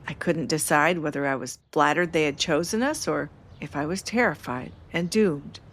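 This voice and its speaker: A woman's voice: deep voice, normal speed. A woman, the podcast host, reading her memoir aloud in the first person, with wry self-mocking humor.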